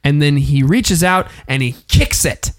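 A man's voice: fairly high pitch, lively intonation, a little slow, dry recording, studio quality. A man hosting a podcast, chatting playfully and laughing often while narrating a storytelling card game. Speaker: podcast host. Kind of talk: casual game-playing chat.

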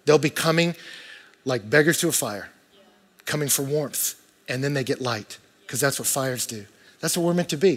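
A man from the United States delivers a sermon in a church hall, his voice high for a man and a little husky. He talks to the room like a conversation, dropping low and soft, then climbing and getting loud. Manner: conversational preaching with swings from hushed to loud. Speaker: pastor.

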